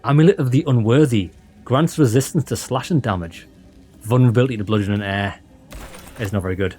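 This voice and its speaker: A man giving excited, chatty commentary on a game he is playing, talking to viewers as lads. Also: medium pitch, brisk, soft background music. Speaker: let's play host. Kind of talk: casual gameplay commentary.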